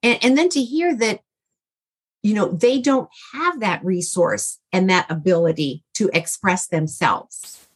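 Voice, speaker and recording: A woman's voice: medium pitch, expressive, a little slow, husky. A middle-aged woman as an interview guest, telling a personal story in a heartfelt, rambling way with many fillers and restarts.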